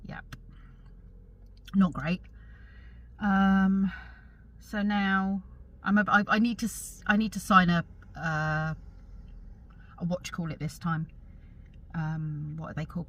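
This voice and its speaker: A middle-aged woman vlogging in a chatty, rambling way, pausing to search for words and correcting herself as she talks. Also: fairly low pitch. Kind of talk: casual chat to camera.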